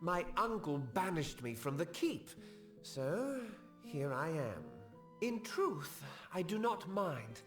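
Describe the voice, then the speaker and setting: A man voicing a young half-elf nobleman in a game, with a high, soft voice and a flat, emotionless delivery. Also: slow pace, faint music behind, full character voice. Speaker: game character.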